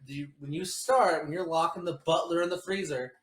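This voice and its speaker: Foul-mouthed dude cohosting a movie show, kinda high voice, says what he thinks. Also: moderate pace. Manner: blunt, crude, swears freely. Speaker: podcast co-host. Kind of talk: casual movie chat.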